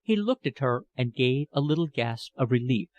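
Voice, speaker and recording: A man reading a classic novel aloud as an audiobook narrator, with a measured, expressive delivery. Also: mid-range voice, dry recording, dull audio.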